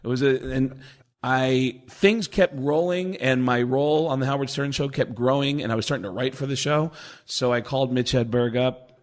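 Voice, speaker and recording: A man in his forties, a comedian guest, telling animated stories and acting out the quotes. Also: mid-range voice, moderate pace. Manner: animated anecdotes, acts out quotes. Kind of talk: casual storytelling.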